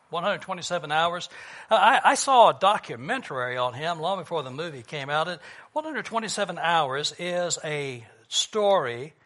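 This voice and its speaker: A middle-aged man delivers a sermon in a bright, ringing voice that sits a little high. He presses his points with loud, emphatic urging, then drops to a low, hushed storytelling tone to draw listeners in. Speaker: preacher.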